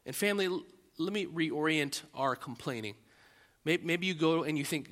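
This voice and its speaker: A man preaching a sermon from the pulpit, his voice pitched high and edged with a bright, forceful tone. He pushes hard on key points, then pulls back to near-hushed, personal asides. A long hall reverb trails every phrase. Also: normal speed. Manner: swings between loud emphatic preaching and quiet intimate asides. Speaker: pastor.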